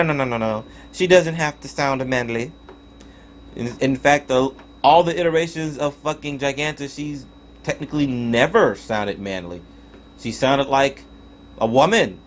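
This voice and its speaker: Young guy ranting about an episode, cursing constantly, voice a bit high and bouncing all over. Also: a little hiss or hum. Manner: profane, exasperated ranting with frequent restarts. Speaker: TV show reviewer. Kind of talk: casual spoken review.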